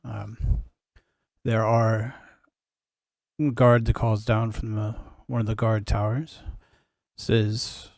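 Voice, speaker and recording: Slow, low-voiced male game master. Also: gravelly, no room sound, clean studio sound. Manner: relaxed, with fillers. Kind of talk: narrating a tabletop game.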